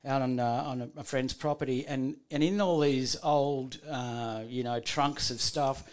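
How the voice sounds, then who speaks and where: A man's voice: medium pitch, steady tone, unhurried. A man with an Australian accent, a musician guest, chatting and telling stories in a laid-back, laughing way. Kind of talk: casual chat. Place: home bar in a shed.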